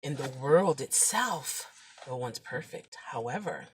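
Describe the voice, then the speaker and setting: A woman's voice: a bass voice, lively intonation, unhurried, background noise. A woman who drives rideshare, talking to the camera in a chatty, preachy way, rambling with fillers and sometimes dropping to a whisper. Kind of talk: casual vlog talk.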